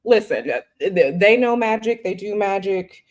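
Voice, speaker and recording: A woman with a medium-pitched, expressive voice speaks at a normal speed. She's a tarot reader hosting a livestream from a hotel room, chatting casually with her viewers and repeating herself a lot.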